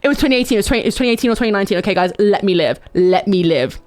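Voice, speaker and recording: A young woman, telling a story to her stream in a loud, animated way, with swearing and sudden shouts. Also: medium pitch, racing. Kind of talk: casual storytelling chat.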